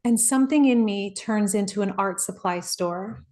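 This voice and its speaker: A woman's voice: medium pitch, normal speed. Earnest woman coach, reflective talk. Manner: earnest and personal, with soft laughs. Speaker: life coach.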